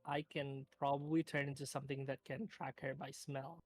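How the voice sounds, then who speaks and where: A man's voice: mid-range voice, level tone, moderate pace, dry recording. Man player, dry close sound.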